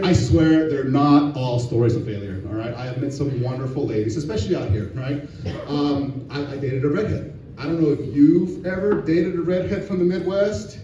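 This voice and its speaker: Brash stand-up comic in an echoey room. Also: male voice, on the high side, warm tone, slight background noise. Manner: brash, crude, laughs at own jokes. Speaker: stand-up comedian. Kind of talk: stand-up set. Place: distillery venue with live audience. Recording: distant, echoey, muffled venue recording. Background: audience laughter.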